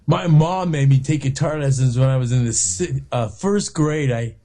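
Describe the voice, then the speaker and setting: A man's voice: mid-range voice, normal speed, mellow. A man in his fifties, a rock guitarist from San Francisco, telling rambling, profane stories with frequent laughs in a casual radio interview. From San Francisco, California.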